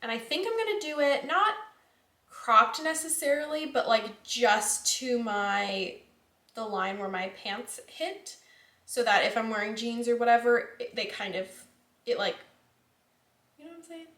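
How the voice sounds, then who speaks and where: A woman's voice: a little high, expressive, unhurried, fairly bright tone. A young woman hosting a knitting vlog, chatting casually and rambling with lots of likes and ums. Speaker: knitting podcast host. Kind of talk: casual chat. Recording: echoey room.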